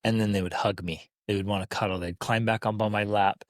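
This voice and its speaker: A man hosting a parenting podcast, telling a story with lively, animated delivery and acting out how he spoke to his child. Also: lowish voice, fairly quick, no echo, studio quality. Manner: animated storytelling, acts out calm talk to a child. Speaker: podcast host. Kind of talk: casual conversational podcast.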